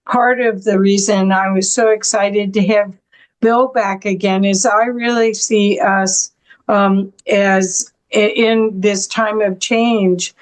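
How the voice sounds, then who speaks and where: A woman hosting an interview, speaking in a measured way with frequent pauses. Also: mid-range voice, fairly even intonation. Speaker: interview host. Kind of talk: interview talk.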